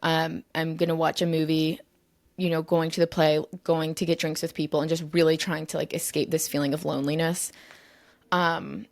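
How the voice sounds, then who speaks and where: A young woman, telling a story on her own podcast in a casual, animated way, with lots of "like" and the odd swear. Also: deep voice, moderate pace. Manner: animated, filler-heavy, swearing. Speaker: podcast host.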